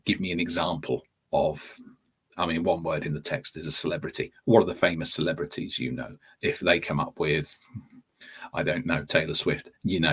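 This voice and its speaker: In a course webinar, a man who tutors TEFL talks viewers through an explanation, speaking conversationally and frequently restarting what he says. His voice is very deep yet fairly bright, with a breathy edge.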